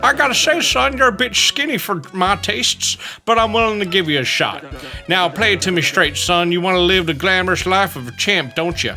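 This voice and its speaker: A man's voice: high-pitched, moderate pace, pushed and bright, faint music behind, pitched above the performer's own voice, full character voice. A man voicing a folksy older male Texan fight promoter in a video game, with a drawling, slang-heavy delivery. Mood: boastful.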